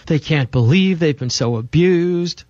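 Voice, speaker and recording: Man, radio talk host, preachy and insistent, higher-pitched voice, dull lo-fi sound, dry. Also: a little slow, darkish tone, no room sound. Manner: emphatic, preachy, insistent repetition. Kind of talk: health talk show monologue.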